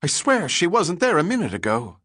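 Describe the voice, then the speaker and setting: A man voicing an excited male ship's helmsman who stutters in alarm. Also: on the high side, brisk, no echo, studio quality, pitched above the performer's own voice, exaggerated voice.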